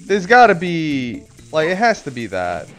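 A man from Florida plays a video game live and chats with his viewers, cursing freely and yelping when things go wrong. His voice sits a little high and swings widely in pitch. Faint music plays behind him. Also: measured pace. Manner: casual, swearing, excitable outbursts. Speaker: streamer.

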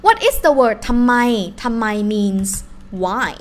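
A woman with a Thai accent, a native Thai speaker teaching a live online language lesson in an animated way. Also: on the high side, very fast. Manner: animated, switches between English and Thai examples.

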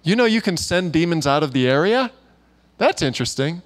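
Man, fairly high voice, preaching, casual storyteller, lots of "like" and asides. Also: sing-song, a little fast. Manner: informal, chatty, many fillers and asides. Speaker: guest preacher. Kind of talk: conversational sermon with storytelling. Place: church gathering.

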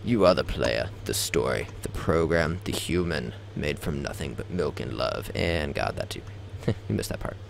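Gravelly man reading with theatrical sweep. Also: extremely low pitch, expressive, moderate pace, hardly any pauses, faint music behind. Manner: theatrical reading with stumbles and joking asides. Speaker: let's play host. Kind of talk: dramatic reading over gameplay.

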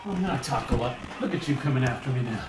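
A man's voice: medium pitch, lively intonation, quick pace, roomy sound, distant mic, background noise. A man trash-talking an opponent while playing a VR boxing game, teasing and out of breath. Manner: teasing, chatty, exclaims a lot. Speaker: gaming video creator.

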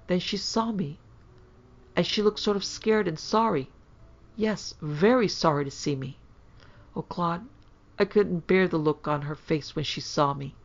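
A woman reading a horror story aloud, voicing a nervous, frightened wife who speaks in a hushed, anxious way. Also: lowish voice, measured pace. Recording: slightly dull lo-fi sound.

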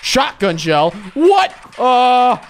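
Excitable young man, panicky gaming commentary. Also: extremely slow, slight background noise. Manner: excitable, jumps from hushed mutters to high-pitched panicked yelps; talks to viewers while sneaking. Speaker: gaming YouTuber. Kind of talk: Minecraft let's play commentary.

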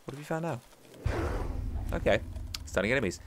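With a mid-range, animated voice that's fairly bright and fairly quick, a young man talks to himself while playing a video game for his YouTube channel. A slight hiss or hum is audible, and his commentary is chatty and full of jokes.

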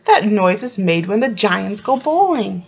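A woman's voice: medium pitch, big pitch swings, a little slow, creaky, slightly rough, full character voice. A woman voicing a teasing little snail in a storybook read-aloud, in a dull lo-fi recording.

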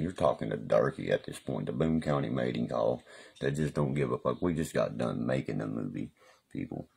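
Man, extremely deep voice, husky, profane rambling live-stream storyteller. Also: a little mellow. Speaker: livestreamer.

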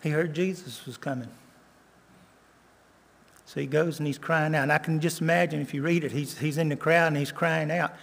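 An older man preaching a sermon as a guest preacher, earnest, repeating lines and slowing down for emphasis. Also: a little high, fairly even intonation, vocal fry, a bit bright. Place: church sanctuary. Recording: long church reverb.

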